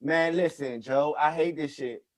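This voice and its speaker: A man's voice: on the high side, a little slow, crowd noise. A man in casual podcast chat, talking bluntly and profanely as he vents. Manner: blunt, profane, venting, swears freely. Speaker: guest.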